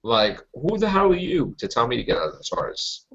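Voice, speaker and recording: A man's voice: mid-range voice, big pitch swings, brisk, fairly bright tone. A man hosting a fan podcast, ranting with indignation and repeating himself as he complains. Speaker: podcast host. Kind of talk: heated fan podcast discussion. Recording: lo-fi podcast audio.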